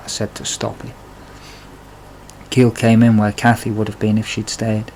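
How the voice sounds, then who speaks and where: A man's voice: lowish voice, completely flat delivery, moderate pace, creaky, darkish tone, a little hiss or hum, poor audio. A man narrating his own life story in a plain, confessional way, with blunt swearing. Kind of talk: memoir storytelling.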